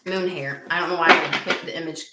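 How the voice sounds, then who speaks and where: Woman, rambling tarot chat, lowish voice, echoey room. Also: fairly even intonation, brisk, heavy background noise. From United States. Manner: chatty, easily sidetracked, swears casually. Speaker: tarot reader.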